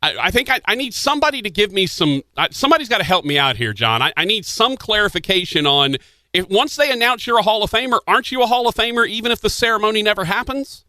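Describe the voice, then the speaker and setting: A man hosting a radio talk show, asking lively questions with many restarts. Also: high-pitched, fast, no echo. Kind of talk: radio interview. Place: radio studio.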